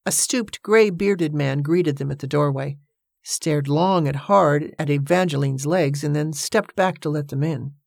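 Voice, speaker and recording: A woman narrating a novel aloud in a measured, even storytelling manner. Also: deep voice, gravelly, dry recording, clean studio sound. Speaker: audiobook narrator. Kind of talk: scripted narration.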